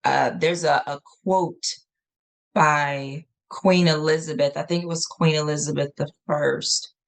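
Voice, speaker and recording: A woman guest in an interview, answering in slow, deliberate statements. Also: low voice, fairly even intonation, vocal fry. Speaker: guest, author and coach.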